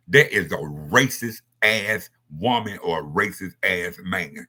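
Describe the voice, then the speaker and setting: Husky, bright-voiced man talking bluntly. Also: deep voice, lively intonation, slow pace, few pauses. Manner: blunt, profane, rambling. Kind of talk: casual monologue.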